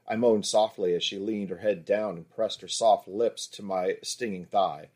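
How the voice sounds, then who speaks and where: A man narrating a first-person erotic story in a calm, even storytelling manner. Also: on the low side, normal speed, hardly any pauses.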